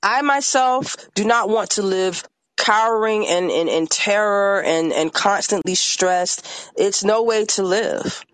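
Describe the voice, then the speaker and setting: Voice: mid-range voice, takes it slowly, fairly bright tone, no echo. An independent artist and activist speaking on a podcast, angry and emphatic, swearing often. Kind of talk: impassioned podcast conversation.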